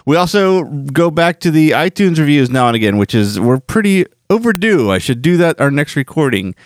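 A man chatting as a podcast host, his pitch swinging up and down as he rambles and corrects himself mid-sentence. The sound is dry and close, with no room around it. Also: sing-song, moderate pace, dry recording. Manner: rambling, self-correcting, laughs easily. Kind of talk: casual chat.

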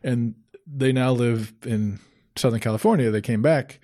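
A man co-hosting a podcast chats casually in an easygoing, agreeable manner. His voice is mid-range and warm, and he speaks at a moderate pace.

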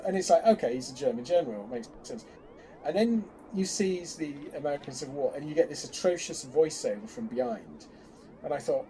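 Male co-host, mellow and warm, chatty with frequent restarts, faint background hiss. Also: fairly high pitch, fairly quick. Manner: chatty, hesitant restarts, animated bursts. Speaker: podcast co-host. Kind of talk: casual fan chat.

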